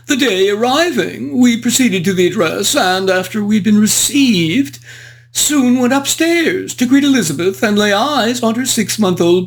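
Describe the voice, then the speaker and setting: A book review is narrated in character by a performer voicing a foppish, frivolous English aristocratic gentleman with flowery, genteel, old-fashioned wording. His pitch is medium, close to an ordinary everyday voice.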